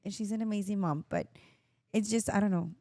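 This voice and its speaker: A middle-aged woman co-hosting a podcast, chatting casually and expressively, with quick bursts of laughter. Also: mid-range voice, warm tone, no echo, studio quality. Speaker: podcast co-host and mother. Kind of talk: casual chat.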